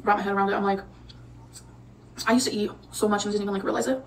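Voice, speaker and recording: A woman's voice: medium pitch, fairly even intonation, very fast, recorded from a distance. A woman rambling chattily to her viewers in a casual cooking and eating vlog. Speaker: vlogger. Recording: noisy audio from off-mic.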